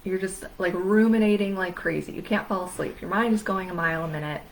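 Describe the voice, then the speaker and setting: A woman's voice: fairly low pitch, a little fast, low-quality recording. A woman therapist giving an educational talk on anxiety, speaking emphatically and listing words in rhythmic runs.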